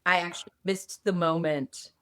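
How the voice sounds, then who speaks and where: A woman's voice: lowish voice, fairly even intonation, normal speed, a bit bright. A woman who works as a prosthetic makeup artist, chatting cheerfully in an interview. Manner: cheerful, laughing. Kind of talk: casual interview chat.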